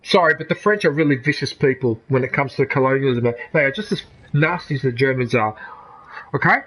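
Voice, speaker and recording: A man's voice: medium pitch, a little fast, a bit bright, breathy edge, poor audio. A middle-aged Australian man, a gaming streamer, rambling in casual commentary, opinionated and swearing freely. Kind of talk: casual commentary over gameplay.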